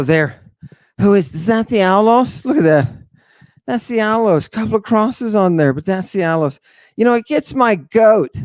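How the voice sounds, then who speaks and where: A man giving a theatrical lecture on ancient texts, firing off rhetorical questions and dropping into hushed tones. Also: sits high, no echo. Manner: dramatic, rhetorical questions, sudden hushed drops.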